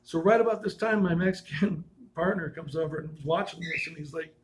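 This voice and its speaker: A man's voice: on the high side, a little fast, low-quality recording. A man casually telling personal stories in a rambling way, restarting and correcting himself and chuckling as he goes.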